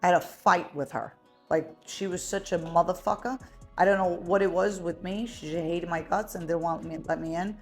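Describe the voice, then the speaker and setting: A woman hosting a podcast, telling a story in casual chat. She is blunt and profane, and she gets loud when she is heated. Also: fairly low pitch, steady tone, normal speed, soft background music. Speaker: podcast host.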